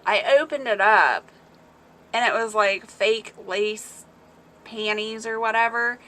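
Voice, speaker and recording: A woman's voice: fairly high pitch, slow pace, sharp tone. A woman hosting a casual livestream, chatting with viewers, telling stories and reading comments aloud, laughing often. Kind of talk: casual chat.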